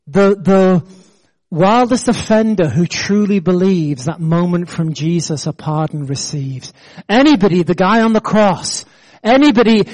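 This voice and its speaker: A middle-aged British man preaching a sermon with an English accent, animated and joking at his own expense as he makes his point. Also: high voice. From Britain. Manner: animated preaching with self-deprecating jokes and laughter. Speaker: pastor.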